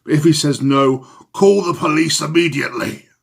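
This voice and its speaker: A man playing a pompous older upper-class British gentleman, lecturing in a comedy sketch. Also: a little high, moderate pace, gravelly, husky, pitched above the performer's own voice. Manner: blustering, pompous, patriotic lecturing.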